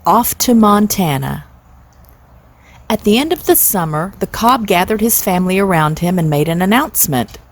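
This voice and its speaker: A woman in her sixties reading a classic children's book aloud in a gentle, steady way. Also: mid-range voice, moderate pace. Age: 60s. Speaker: storyteller, channel host.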